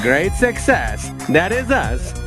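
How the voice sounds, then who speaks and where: A man's voice: sits high, sing-song, slow pace, over music, exaggerated voice. A man voicing a boastful male French winemaker in a put-on French accent, speaking broken English with a proud salesman's patter.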